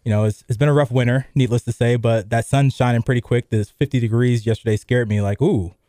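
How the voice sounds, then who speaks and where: Rambling radio host, mellow voice. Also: male voice, medium pitch, fairly even intonation, quick pace, no room sound, studio quality. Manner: loose and rambling, many fillers. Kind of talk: casual sports radio chat. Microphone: studio microphone.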